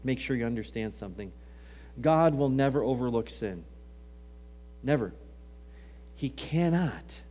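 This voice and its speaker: Male preacher, slightly high pitch, dramatic sermon delivery, hushed lows and emphatic peaks, recites archaic scripture. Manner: dramatic swings between hushed and raised delivery; quotes scripture in old-fashioned wording.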